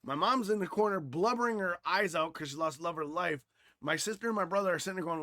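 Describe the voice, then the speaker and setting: A man co-hosting a podcast, talking bluntly and with lots of swearing, going from loud rants to quiet reflection. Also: sits high, a little fast, no room sound, studio quality. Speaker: podcast co-host. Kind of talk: casual chat.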